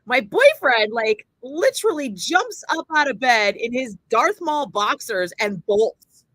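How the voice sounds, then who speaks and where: A bright, forceful woman in her forties tells a story, lively and full of swearing as she acts out each person she quotes. The recording is dry and close, with no room sound. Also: a little high, unhurried, no echo, poor audio. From Northern California. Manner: animated, swearing freely, acting out quoted voices. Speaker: radio host telling a story on a livestream. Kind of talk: casual storytelling.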